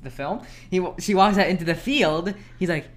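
A man's voice: sits high, normal speed. A young man co-hosting a podcast, chatting casually about a movie, hesitant and teasing his co-host. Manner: hesitant, many fillers and restarts, teasing. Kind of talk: casual movie review chat.

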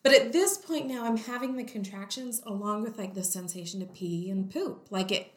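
A woman telling a personal story in a lively way, acting out the voices of the people in it. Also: medium pitch, normal speed. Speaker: guest telling her story. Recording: roomy echo.

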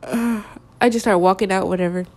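A young woman telling a candid personal story in a halting, hesitant way, full of filler words. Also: medium pitch, steady tone.

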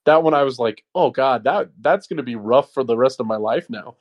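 A man in casual podcast chat who explains things loosely and often starts over mid-sentence. His pitch is ordinary for a man. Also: a little fast, muffled recording. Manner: rambling, restarts often. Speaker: podcast co-host.

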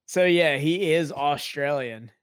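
A man's voice: on the high side, takes it slowly, clean tone, dry recording, clean studio sound. A man co-hosting a casual podcast, laughing easily and explaining the story. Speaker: podcast co-host.

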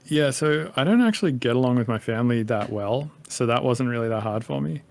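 A man's voice: medium pitch, lively intonation, fairly quick, vocal fry, darkish tone, a little hiss or hum. A man in his thirties from Australia with a light Australian accent, a podcast guest talking casually in a rambling way and swearing freely.

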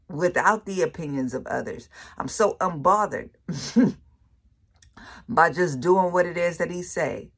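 A woman with a lowish, slightly rough voice speaks a little slowly. As a faith speaker giving her testimony, she preaches casually and colloquially, with emphasis and repeated phrases for effect.

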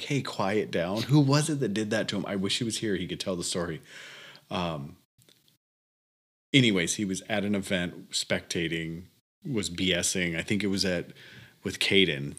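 Low husky-voiced man chatting casually. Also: a bit bright. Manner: laid-back, laughs often, trails off into fillers. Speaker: podcast co-host. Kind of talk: casual chat.

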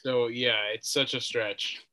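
A man's voice: medium pitch, fairly even intonation, takes it slowly, bright, forceful tone. A man chiming in and agreeing during a casual film discussion.

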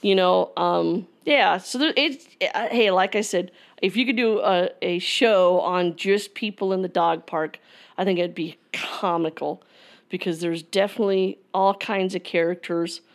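A woman's voice: on the low side, a little slow. A woman co-hosting a casual chat, rambling through anecdotes and jokes. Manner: rambling storyteller, tells jokes.

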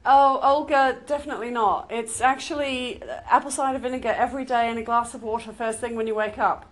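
A woman's voice: on the high side, fairly even intonation, a little fast, natural voice. A woman voicing an earnest, health-minded woman friend who gives matter-of-fact advice.

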